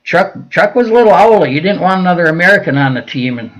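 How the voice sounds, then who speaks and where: This older man from Minnesota sounds animated, quick and high-pitched, with a slightly bright tone. A veteran and interview guest, he tells long, rambling stories packed with fillers and restarts, and the audio is poor.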